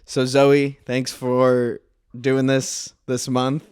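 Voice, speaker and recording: A man's voice: mid-range voice, completely flat delivery, very slow, darkish tone, smooth, no echo, clean studio sound. A man hosting a casual podcast chat, laid-back and rambling, with plenty of fillers. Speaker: podcast host.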